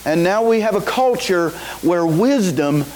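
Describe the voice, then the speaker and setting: A man's voice: high voice, expressive, a little slow, a little mellow, rough recording. A man preaching a sermon to a congregation, often asking "is that right?" and waiting for a response. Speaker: pastor. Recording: faint hiss.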